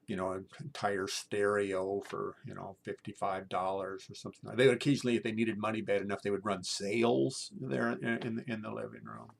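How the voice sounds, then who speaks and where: A man in his sixties tells a personal story, stopping and restarting with many fillers. His voice is low, with a heavy gravelly fry. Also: steady tone, a little hiss or hum. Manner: halting, full of fillers. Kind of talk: personal story told aloud.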